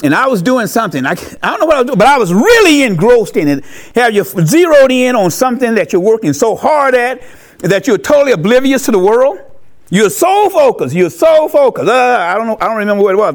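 Male pastor, sermon delivery, emphatic and repetitive, very high and lively voice. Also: fast. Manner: animated, emphatic, repeats key phrases.

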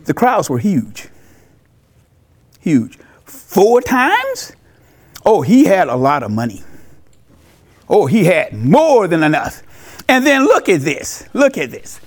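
A man preaching a sermon, animated and emphatic, repeating key phrases for effect. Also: sits high, slow, pauses often. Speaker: pastor.

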